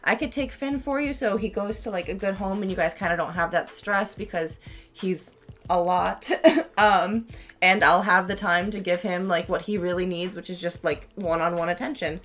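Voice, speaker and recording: Young woman, podcast co-host, lowish voice, rambling chatty delivery, faint music under it. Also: normal speed, fairly bright tone. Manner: rambling, full of likes and restarts. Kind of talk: casual chat.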